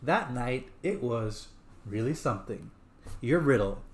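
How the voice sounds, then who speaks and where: A man voicing a grieving man who mimics his dead fiancée in a sweet, high, affectionate voice, reading from a game script. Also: animated, a little slow, lightly acted. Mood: wistful.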